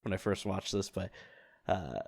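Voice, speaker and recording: A man's voice: low voice, animated, moderate pace, vocal fry. A man hosting a casual film podcast, talking in a rambling way with many fillers and restarts. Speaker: podcast host.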